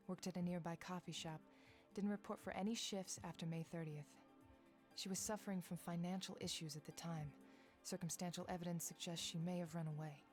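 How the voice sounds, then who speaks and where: An actress voicing a determined female FBI agent in a video game, speaking in a measured, matter-of-fact way. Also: lowish voice, darkish tone, natural voice. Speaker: game protagonist. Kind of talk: voiced game dialogue and narration.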